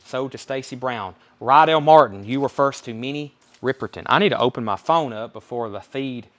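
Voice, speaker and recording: A man's voice: medium pitch, moderate pace, a bit bright. Southern man calling record prices. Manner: reads titles and prices, calls buyer names. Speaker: live record sale host. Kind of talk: live-stream sales patter.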